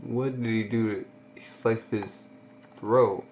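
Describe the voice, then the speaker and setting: Slow, relaxed man reading manga aloud. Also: lowish voice. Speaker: manga reader. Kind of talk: casual read-along commentary. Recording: dull lo-fi recording.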